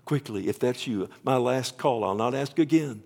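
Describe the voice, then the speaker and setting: A man in his fifties preaching a sermon, rambling with restarts, then building to loud, emotional proclamation and pleading. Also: medium pitch, normal speed, vocal fry. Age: 50s. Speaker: pastor. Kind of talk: sermon with altar call.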